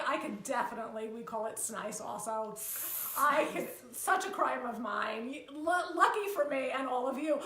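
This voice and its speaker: A woman's voice: high voice, a bit bright. A woman co-hosting a live talk, candid and laughing easily as she explains her view. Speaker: co-host, coach. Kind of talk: live-streamed casual talk. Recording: echoey room.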